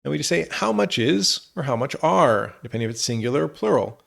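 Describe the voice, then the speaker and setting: Gravelly-voiced man teaching English phrases. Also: mid-range voice, very animated, fairly bright tone. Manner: slow, clear model phrases for learners. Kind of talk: scripted lesson narration.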